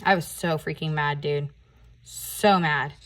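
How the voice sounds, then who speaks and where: A woman vlogger chatting casually while doing her nails, telling a story in an animated, ranting way and swearing often. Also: low-pitched, slow. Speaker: nail art vlogger.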